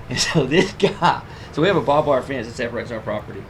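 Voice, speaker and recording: A man tells a story in a loose, animated way. He laughs often and acts out the lines of the people in his tale, over a noticeable noisy room hum. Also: medium pitch, fast talker. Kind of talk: casual storytelling among friends.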